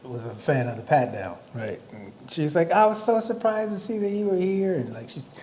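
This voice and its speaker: A man's voice: fairly high pitch, lively intonation, normal speed, a little mellow, a little hiss or hum. Podcast cohost guy, comic, laid-back storytelling, roomy echo. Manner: reflective storytelling, swearing casually. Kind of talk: casual chat. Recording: echoey room.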